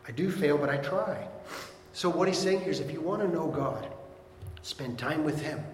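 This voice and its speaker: A man's voice: a little high, slight background noise. Middle-aged man, pastor, sermon, earnest teaching, echoey church hall. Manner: earnest teaching, reads verses aloud slowly. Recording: echoey hall with long reverb.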